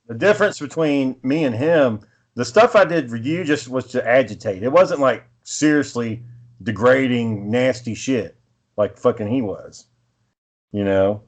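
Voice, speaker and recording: A man's voice: mid-range voice, expressive, unhurried. A man co-hosting a podcast, telling a rambling, profane story in a casual, laid-back way. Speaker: podcast co-host.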